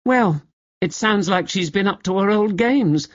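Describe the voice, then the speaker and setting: A high, loud, petulant woman who bristles and defends herself hotly, as a male narrator plays her. The reading is lively, and the recording is slightly muffled. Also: measured pace. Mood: wry. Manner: indignant, defensive. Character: petulant indignant woman fighting over an inheritance.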